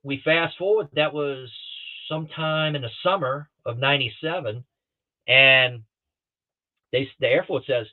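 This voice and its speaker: A man's voice: medium pitch, unhurried. Man telling stories over a tinny call. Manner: animated storyteller who acts out other people's lines. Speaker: guest pilot. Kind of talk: casual storytelling. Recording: tinny phone-like call audio.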